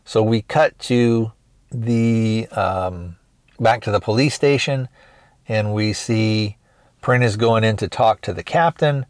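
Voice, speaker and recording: A man's voice: on the low side, slow pace, darkish tone, no echo. A man hosting a podcast, retelling a film plot in a rambling, hesitant way with many restarts. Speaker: podcast host. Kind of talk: casual movie review recap.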